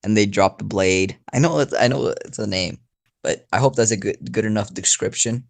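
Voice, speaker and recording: A man's voice: on the low side, moderate pace, creaky. A man telling an improvised story in a rambling, profane, casual way, with frequent laughs. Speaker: storyteller YouTuber.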